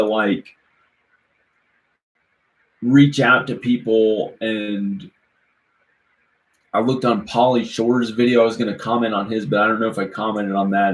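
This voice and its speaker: A man vlogging on a live stream, rambling in casual chat and chuckling at his own silly rhymes. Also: mid-range voice. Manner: rambling, laughs at own silly rhymes, slow sing-song chanting. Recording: roomy echo, faint background noise.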